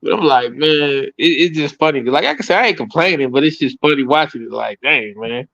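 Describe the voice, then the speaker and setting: A man's voice: on the high side, lively intonation, brisk, gravelly, fairly bright tone, dry recording. A man in his thirties, a podcast guest, chatting casually and rambling through anecdotes with frequent chuckles. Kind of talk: casual chat. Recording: slightly muffled lo-fi audio.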